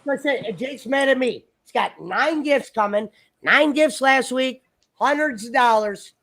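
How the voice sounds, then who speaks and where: A man's voice: very high-pitched, measured pace, vocal fry, fairly bright tone. A man chatting on a livestream in a rambling, argumentative, profane way. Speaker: stream guest. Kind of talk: casual livestream chat.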